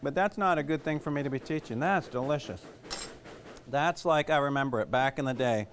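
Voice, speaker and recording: Against a noisy background, a middle-aged Southern chef talks fairly quickly in a medium-pitched voice while demonstrating a dish casually. He rambles chattily and pokes fun at himself.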